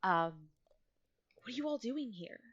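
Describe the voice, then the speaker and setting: A woman voicing a polite, awkward male red tiefling who speaks quietly and hesitantly. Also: a little high, animated, a little slow, breathy edge, dull audio, voice pushed up, full character voice. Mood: quiet concern.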